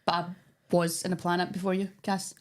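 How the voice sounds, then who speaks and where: A woman's voice: on the low side, little pitch movement, a little fast. A woman co-hosting a casual watch-along with teasing banter, talking with her mouth full of chocolate. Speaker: co-host. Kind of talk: casual chat.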